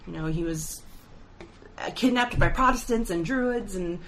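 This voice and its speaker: A chatty woman co-hosting a relaxed podcast, her voice sitting at an ordinary middle pitch. She laughs easily and corrects herself as she goes. There is a faint hiss behind her. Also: a little slow, poor audio. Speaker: podcast co-host. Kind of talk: casual chat.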